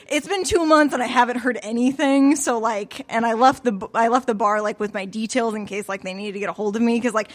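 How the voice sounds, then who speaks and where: A woman's voice: on the high side, a little fast, few pauses, a bit bright. A woman telling a personal story at a live open mic in a small cafe, chatty and conversational, with plenty of filler words, into a stage microphone. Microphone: stage microphone on a stand.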